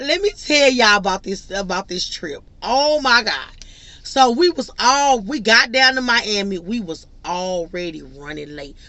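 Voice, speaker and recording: A young woman vlogger telling a personal story in an animated, laughing, casual way. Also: mid-range voice, no room sound. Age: young adult. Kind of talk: storytime vlog.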